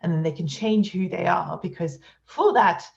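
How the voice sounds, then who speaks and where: Over a video call, a woman gives an academic conference talk, hesitant and full of fillers. Her voice is lowish and creaky at a moderate pace, and the audio has its highs cut off.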